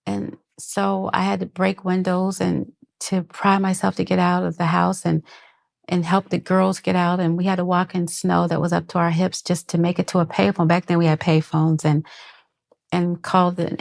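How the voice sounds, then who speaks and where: A middle-aged woman, appearing as a podcast guest, gives personal testimony about her own life. Her voice is fairly low and darkish with vocal fry, and she speaks haltingly, restarting sentences and acting out the voices of people she quotes.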